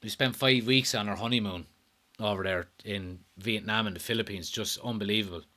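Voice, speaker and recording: A young man hosting a live football watchalong, reacting excitably, swearing often and reading out viewer comments. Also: fairly low pitch, a little fast. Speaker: watchalong host.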